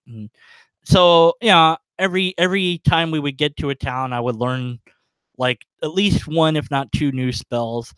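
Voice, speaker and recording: Guy hosting a stream, telling a goofy game story, smooth clear voice. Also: a little high, moderate pace, fairly bright tone, no echo. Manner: rambling, chuckling, full of fillers. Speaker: livestream host. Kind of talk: casual storytelling.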